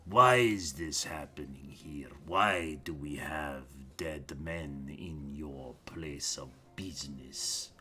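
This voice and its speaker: A stern, condescending city watch captain, played by a man running a tabletop game. The voice sits very deep and moves slowly and haltingly, dropping into hushed, forceful menace before bursting out loud with broken grammar. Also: full character voice.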